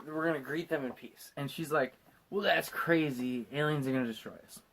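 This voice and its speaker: A tipsy man hosting a podcast, retelling a movie in casual chat and acting out the characters' lines in loud put-on voices. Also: on the high side, a little fast, slight background noise. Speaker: podcast host.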